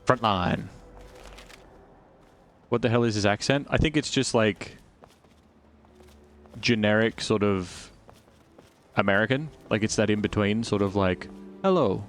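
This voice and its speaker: Chatty male let's-play streamer with a low voice and faint music under him. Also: steady tone, unhurried, long pauses. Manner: casual, chatty, rambling.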